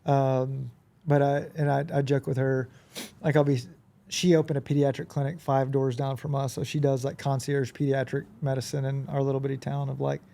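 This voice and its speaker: Gravelly-voiced man telling stories. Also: mid-range voice, moderate pace. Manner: animated anecdotes, frequent fillers and quoted dialogue. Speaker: podcast guest, business owner. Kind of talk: casual conversational storytelling.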